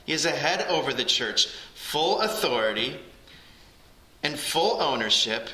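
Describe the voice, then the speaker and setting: A man's voice: a little high, big pitch swings, unhurried, sharp tone. A man preaching a sermon as pastor, earnest and building emphasis on key phrases. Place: church sanctuary. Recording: echoey church hall.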